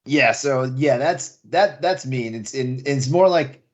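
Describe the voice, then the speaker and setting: A man's voice: mid-range voice, measured pace. A man co-hosting a podcast in casual chat, rambling with many restarts and fillers. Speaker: podcast co-host. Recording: slightly dull lo-fi audio.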